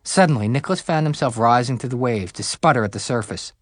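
A man narrating a fantasy story aloud, expressive and pitching up for the characters' dialogue. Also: quick pace, soft background music. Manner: expressive, rising higher for the hero's dialogue. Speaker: audiobook narrator. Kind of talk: scripted narration.

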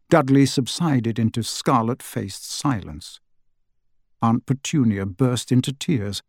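A man narrating an audiobook in an expressive storytelling manner, close to the mic. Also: medium pitch, no room sound. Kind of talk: scripted narration.

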